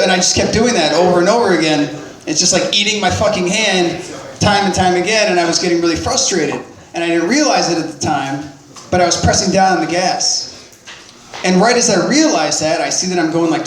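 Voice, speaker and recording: A man's voice: high voice, a little fast, echoey room, rough recording. A man telling a personal story in a casual, profane, self-deprecating way, with lots of restarts.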